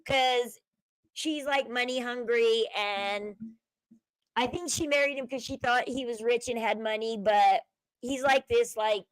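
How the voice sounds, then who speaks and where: Retelling a crime story in a chatty way, this commentary channel host performs the quotes and leans on euphemisms such as "schmurdered." She's a young adult woman with a fairly high voice and a measured pace. The audio is dry and poor.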